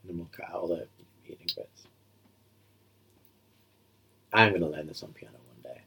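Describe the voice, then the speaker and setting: A man's voice: sits low, animated, normal speed, gravelly, bright, forceful tone, breathy edge. A man co-hosting a casual film commentary, joking crudely and rambling as he watches.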